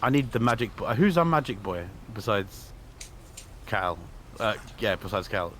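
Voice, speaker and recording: A man's voice: on the low side, big pitch swings, normal speed, a bit bright, slight background noise. A man playing a tabletop game, chatting casually with rambling, stammering restarts. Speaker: player.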